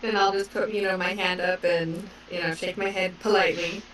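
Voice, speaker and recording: A woman's voice: fairly low pitch, flat delivery, a little fast, a bit bright. Woman player heard from a distance. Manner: casual, describes her actions. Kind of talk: casual tabletop play. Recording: roomy, far from the mic, faint noise.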